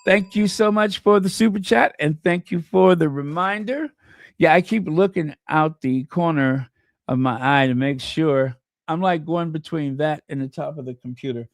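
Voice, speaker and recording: A man hosting a casual livestream, chatty and excitable, talking to himself as he goes. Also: on the high side, no room sound, clean studio sound. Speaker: livestream host.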